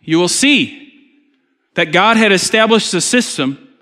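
A male pastor preaching to his congregation in a relaxed, conversational way, breaking in with jokes and swinging from loud emphatic lines to quiet asides. His voice sits a bit higher than most men's. The sound carries a long reverb from a large church room. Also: unhurried. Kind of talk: sermon. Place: church sanctuary.

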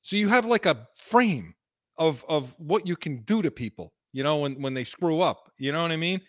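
A man co-hosting a sports talk show, speaking in an easygoing, measured way. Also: a little high, animated, no room sound, studio quality.

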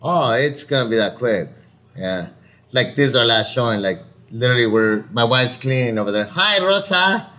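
A man co-hosting a casual podcast, joking and swearing, with loud bursts of laughter. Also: mid-range voice, normal speed. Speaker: podcast co-host.

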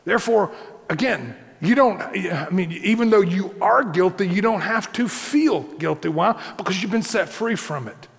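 Lively, gravelly male pastor preaching. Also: high voice. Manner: conversational preaching, repeats points, asks the congregation "right?". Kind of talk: sermon. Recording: long hall reverb.

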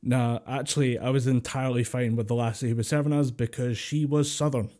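A Scottish man co-hosts a casual podcast and tells jokey stories full of swearing and fillers. His voice is mellow and warm, at a middling pitch. He is recorded over a voice chat call from home. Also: steady tone, a little fast. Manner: swearing, joking storyteller with many fillers. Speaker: podcast co-host. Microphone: computer mic over a voice chat call.

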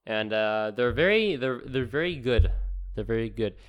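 A young man co-hosting a casual podcast, rambling and halting with many restarts. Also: medium pitch, lively intonation, dull audio. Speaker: podcast co-host.

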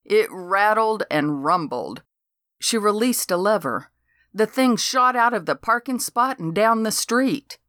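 An older woman narrating a comic novel in first person, with a dry, deadpan delivery. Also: mid-range voice, unhurried. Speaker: audiobook narrator.

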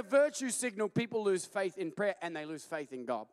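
High-voiced pastor preaching animatedly. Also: male voice, moderate pace, in a large hall. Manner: animated storytelling, rising to shouts. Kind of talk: sermon.

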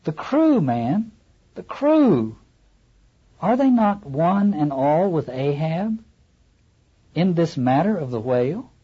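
A man's voice: a little high, very animated, slow pace, long pauses, breathy edge, highs cut off, heavily acted. A man voicing an obsessed, commanding old sea captain who declaims in archaic speech.

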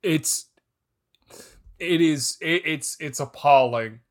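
A man co-hosting a podcast, joking about a bad movie, laughing often and stumbling over his words. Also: fairly high pitch. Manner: laughing, halting restarts. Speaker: podcast co-host. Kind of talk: casual comedic banter.

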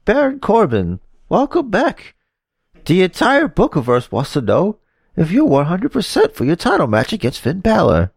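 An eager female backstage interviewer, as a man puts her on, squeezed up into a thin, chirpy falsetto. She fires off her questions briskly and brightly. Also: wildly swooping pitch, vocal fry, breathy edge, no echo, studio quality, exaggerated voice. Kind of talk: fantasy wrestling booking role-play.

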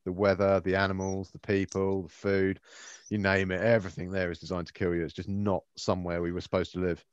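A man's voice: low-pitched, level tone, a little fast, clear, resonant tone, no room sound, highs cut off. Sweary English man chatting. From England. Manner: sweary, laid-back banter. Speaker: podcast co-host. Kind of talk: casual chat.

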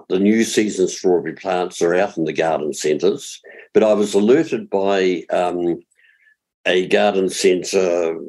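A man's voice: low-pitched, a little mellow. An older man with a New Zealand accent giving chatty gardening advice on a radio talk show, explaining steps patiently and spelling words out. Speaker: gardening expert.

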